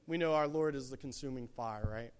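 A man preaching a sermon, swinging from hushed, quiet passages to loud, emphatic peaks. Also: medium pitch, brisk, smooth.

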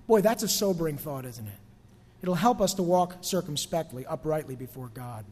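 A man preaching a conversational sermon as pastor, dropping quiet for emphasis and rising for asides. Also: fairly high pitch, animated, moderate pace, long reverb tail. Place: church sanctuary.

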